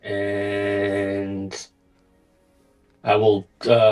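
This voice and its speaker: A man playing a tabletop game, counting out his moves in a flat, plain way. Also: on the low side, takes it slowly, soft background music. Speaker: player. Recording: distant from the mic.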